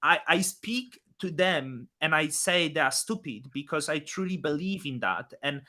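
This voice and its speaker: A man's voice: a little high, lively intonation, unhurried, sharp tone. A man in casual talk, mocking and bluntly insulting, with loose non-native phrasing. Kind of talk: casual crypto chat.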